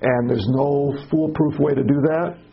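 Gravelly, husky man teaching a class. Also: fairly high pitch, fairly even intonation, highs cut off, soft background music. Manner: halting, repeats words, asks rhetorical questions. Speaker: Bible study teacher.

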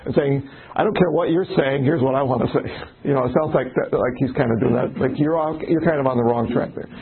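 Leading a casual Bible study, a man speaks conversationally and asks the group questions. His voice is medium-pitched and husky, and the recording sounds tinny, like a phone.

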